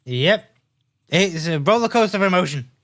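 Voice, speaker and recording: A man's voice: sits high, lively intonation, normal speed, fairly bright tone. A man co-hosting a casual gaming podcast, laid-back and plain-spoken. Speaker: podcast co-host.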